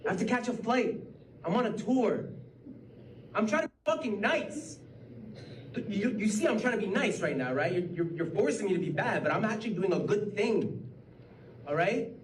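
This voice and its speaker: A flat, irritated pop star. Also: male voice, high-pitched, normal speed, long pauses, slight background noise. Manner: flat, unenthusiastic, profane. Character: irritated male pop star brushing off a lover. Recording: echoey film clip heard from far off.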